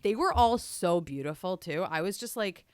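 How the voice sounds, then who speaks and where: A woman co-hosting a comedy podcast over a video call, telling a story in a casual, animated way and acting out the quotes. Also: lowish voice, normal speed, dry recording, studio quality. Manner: animated, acts out quotes in shifting voices. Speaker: podcast co-host and impressionist. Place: home setup on a video call.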